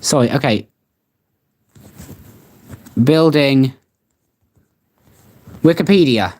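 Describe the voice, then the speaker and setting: Young adult streamer, casual rambling chat, animated pitch, mid-range voice. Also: drawn-out words. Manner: rambling, chatty, laughs at what is read. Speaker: streamer reacting to web searches.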